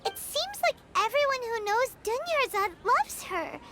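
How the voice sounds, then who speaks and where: A woman's voice: extremely high pitch, very animated, measured pace, very noisy, heavily acted. A woman voicing a tiny, bubbly, bossy floating companion girl in a video game. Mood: puzzled. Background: game music.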